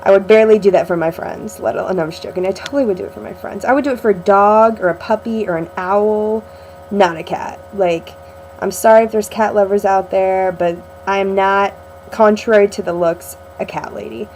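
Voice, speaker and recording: A woman's voice: mid-range voice, fairly quick, a little mellow, a little hiss or hum, poor audio. A young woman chatting in a casual video diary to a friend, rambling and sarcastic, with lots of ums, recorded at home. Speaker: vlogger.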